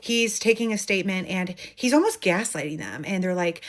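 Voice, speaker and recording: A woman's voice: fairly low pitch, fast talker, hardly any pauses. A woman retelling a submitted scary story in a chatty, conversational way, briefly acting out the people in it. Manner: chatty, conversational, acts out quoted voices.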